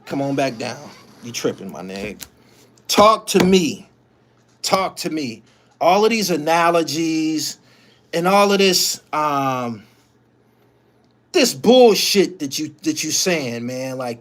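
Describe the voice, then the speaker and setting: A middle-aged man hosting a casual live stream, ranting bluntly and profanely with lots of energy. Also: medium pitch.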